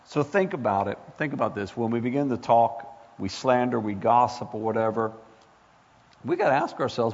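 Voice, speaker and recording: Male preacher, impassioned sermon, rhetorical questions, animated pitch, dull muffled recording. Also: normal speed, creaky. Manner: impassioned, rising to near-shouts, rhetorical questions. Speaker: pastor. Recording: echoey hall, dull lo-fi sound.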